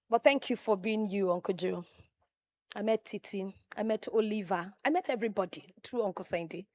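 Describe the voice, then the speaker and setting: A woman with a Nigerian accent delivers a personal tribute as a lively storyteller. Her voice sits at a middle pitch, and she drops exclamations and asides to the crowd. The sound is dry, with little room echo. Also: normal speed. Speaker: tribute speaker at a memorial event.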